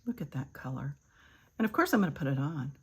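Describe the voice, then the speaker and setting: An older woman giving a chatty makeup tutorial, calling her viewers "kids" and sometimes dropping to a soft murmur. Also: low voice, big pitch swings, fast, husky. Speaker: beauty vlogger.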